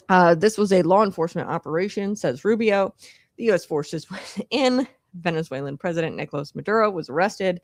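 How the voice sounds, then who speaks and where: A young woman hosting political commentary, a little out of breath from late pregnancy, riffing in an animated way with plenty of fillers. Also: on the low side, no room sound, clean studio sound. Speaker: host.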